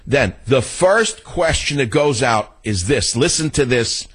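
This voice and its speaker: A man's voice: medium pitch, lively intonation, unhurried, a bit bright, slightly rough. An older man hosting a political talk radio show, ranting in a combative, sarcastic way.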